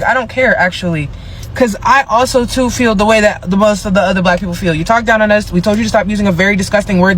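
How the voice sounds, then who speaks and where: A man's voice: high voice, fairly quick, a little hiss or hum, low-quality recording. A man in a blunt, sassy casual rant, swearing and talking straight to the subject. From United States.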